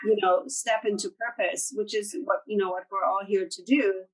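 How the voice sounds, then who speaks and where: A woman's voice: medium pitch, fairly even intonation, moderate pace, low-quality recording. A woman hosting a casual interview, reflective and supportive, with frequent fillers. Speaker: host.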